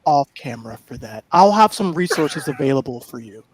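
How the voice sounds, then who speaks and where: A man's voice: medium pitch, lively intonation, fairly quick, a crowd in the background. A man moderating a panel chat in a pompous, overly formal put-on voice. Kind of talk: mock-formal panel debate.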